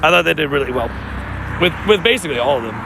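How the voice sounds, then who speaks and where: A man in casual live-stream chat, talking loosely with his viewers. His voice sits fairly high for a man and carries a steady gravelly fry. He often trips over his words and breaks into laughs. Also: racing, noisy background. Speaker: mobile game streamer.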